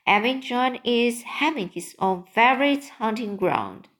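A woman's voice: on the high side, animated, a little slow, a bit bright, pitched above the performer's own voice. A woman reading the part of a big friendly male giant from a storybook, speaking in jumbled grammar and made-up words. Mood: muddled. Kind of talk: read-aloud storybook.

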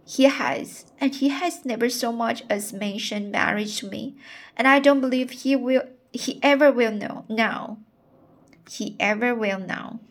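A woman reading as an aggrieved forty-year-old spinster. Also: a little high. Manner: aggrieved, pouring out complaints.

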